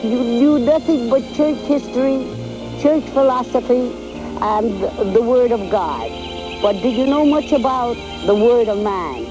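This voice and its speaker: An older woman from New York telling the story of her youth and marriage to her husband, in a halting storytelling way with repeated words and fillers. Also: a little high, lively intonation, over music, poor audio. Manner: addresses her husband directly. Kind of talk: reminiscing in an archival interview.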